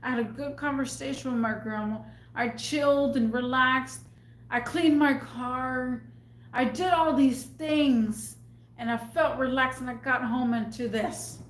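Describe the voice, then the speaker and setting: A young woman with a fairly high voice rambles through an exasperated rant. She vents casually to her viewers as a vlogger. Her voice bounces around an echoey room at home. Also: a little slow.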